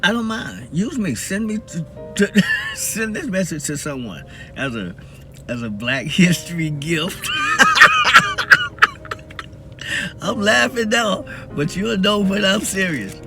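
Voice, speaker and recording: A man's voice: high voice, very animated, measured pace, over music. A man from the Southern US talking to camera in a casual, preaching monologue and laughing often between points. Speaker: video blogger.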